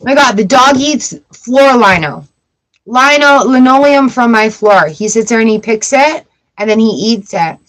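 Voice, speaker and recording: A woman's voice: a little high, unhurried, poor audio. A young adult woman hosting a live tarot stream, chatting casually and telling funny stories with frequent laughter. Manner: animated storyteller, laughs often.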